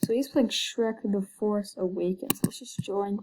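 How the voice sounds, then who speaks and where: A woman's voice: medium pitch, a little slow, background noise. A woman giving hesitant, casual commentary while playing a video game, full of fillers and whispered asides. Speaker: gaming video creator.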